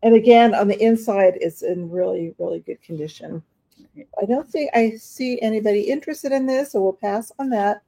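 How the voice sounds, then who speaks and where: A woman's voice: medium pitch, moderate pace. Chatty woman selling items on a live stream. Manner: chatty, rambling, warm toward bidders, many fillers. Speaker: live online auction seller.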